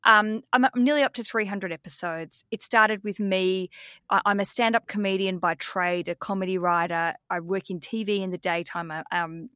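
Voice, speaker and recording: A woman's voice: mid-range voice, steady tone, moderate pace, bright, forceful tone, dry recording, clean studio sound. A woman with an Australian accent, hosting a podcast in casual, swearing, self-mocking chat. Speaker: podcast host.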